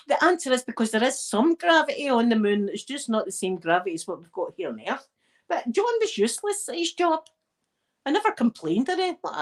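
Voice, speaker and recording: A woman's voice: high-pitched, big pitch swings, a little fast. A Scottish woman chatting casually and rambling through stories as she decorates a tree for an ASMR video. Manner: rambling, digressive storytelling.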